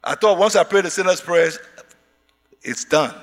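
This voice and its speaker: A preacher delivering an emphatic sermon, repeating words and rising into shouts. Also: male voice, high-pitched, moderate pace. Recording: hall reverb.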